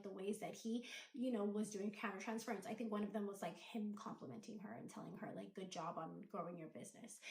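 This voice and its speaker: A woman's voice: medium pitch, roomy sound, poor audio. A woman casually retelling someone else's story, chatty and full of quoted dialogue.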